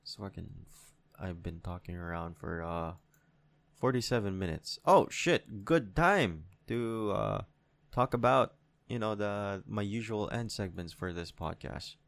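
A young man with a deep, low voice talks through a solo podcast episode, swearing freely and wandering from topic to topic. The sound is dry and close on the mic, with no room around it. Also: creaky, no room sound. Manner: profane, rambling, animated rants. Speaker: podcast host. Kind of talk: casual solo podcast monologue. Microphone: studio mic.

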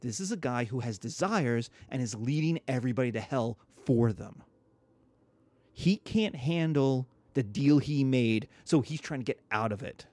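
A man giving a casual history lecture, animated and jokey, acting out quotes as he goes. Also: medium pitch, moderate pace, no echo. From United States.

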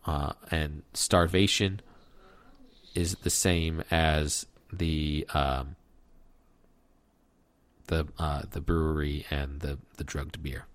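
A man's voice: rumbling low, little pitch movement, slow pace, long pauses. A man hosting a podcast, giving a rambling, joking recap of a movie plot in casual chat. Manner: jokey, rambling plot recap with silly voices. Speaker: podcast host.

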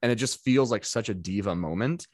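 A man's voice: fairly low pitch, brisk, a little mellow, no room sound, studio quality. A man co-hosting a podcast, chatting casually and rambling a little, with lots of fillers and restarts. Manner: chatty, full of fillers and restarts, quotes others in put-on voices. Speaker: podcast co-host. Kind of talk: casual chat.

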